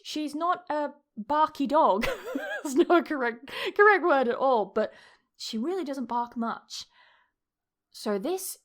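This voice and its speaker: A young woman, hosting a podcast and telling a story in a rambling, chatty way, swearing freely and laughing often. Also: high voice. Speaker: podcast host. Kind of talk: casual storytelling monologue.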